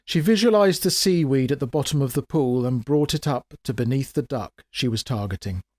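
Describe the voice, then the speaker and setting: A man's voice: mid-range voice, normal speed, no room sound, studio quality. Man narrating a comic fantasy tale. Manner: wry, expressive storytelling. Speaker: author reading his own story. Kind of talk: dramatic audiobook narration.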